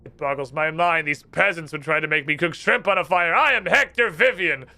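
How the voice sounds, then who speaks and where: A man doing a pompous, furious dark wizard. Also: on the high side, no echo. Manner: theatrical, shouting, drawn-out.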